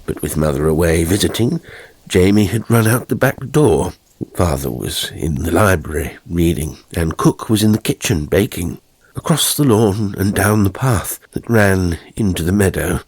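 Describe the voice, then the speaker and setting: A man reading a horror story in a slow, measured scripted narration, dropping to a hush at times. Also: sits low, expressive, husky, no echo.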